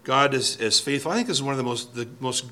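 A man's voice: mid-range voice, lively intonation, fast talker, sharp tone. A man preaching an expository sermon from a church pulpit, earnest and emphatic, often restarting and repeating words. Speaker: pastor.

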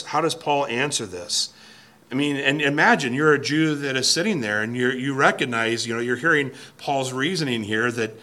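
A man's voice: medium pitch, bright, forceful tone. A man preaching an expository sermon from a church pulpit, earnest and emphatic, often restarting and repeating words. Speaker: pastor.

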